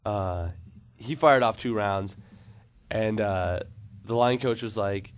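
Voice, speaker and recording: Rambling low-voiced man telling a story. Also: slow pace, long pauses. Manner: rambling, lots of "like" and "uh", laughs at own story. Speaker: podcast co-host telling a story. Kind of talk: casual chat, storytelling.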